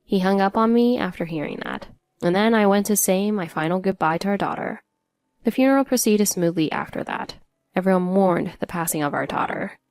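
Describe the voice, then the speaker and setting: A woman tells a first-person story with earnest, heartfelt delivery. Her voice sits at a middle pitch, and the recording is close and dry, with no room sound. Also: fairly quick, darkish tone, no echo. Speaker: narrator.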